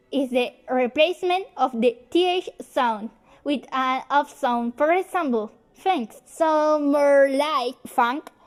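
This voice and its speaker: High-voiced woman reading a lesson. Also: darkish tone.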